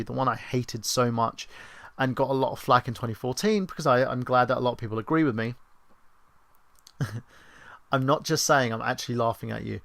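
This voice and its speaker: Gravelly-voiced British man in his thirties. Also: mid-range voice, fairly bright tone, dry recording. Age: 30s. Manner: sarcastic, self-mocking, swearing. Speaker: livestream host. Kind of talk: rambling casual chat.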